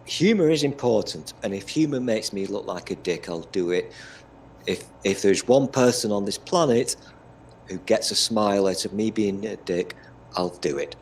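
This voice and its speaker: A man's voice: on the low side, lively intonation, normal speed, slight background noise. A British man in casual chat, swearing freely and bragging in a teasing, mock-boastful way. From Britain.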